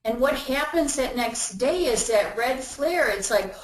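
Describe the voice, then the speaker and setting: Woman doing a webinar talk, kinda high voice, chatty, roomy echo on the audio. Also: animated, measured pace, hardly any pauses. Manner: conversational, acts out everyday inner voices. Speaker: webinar presenter.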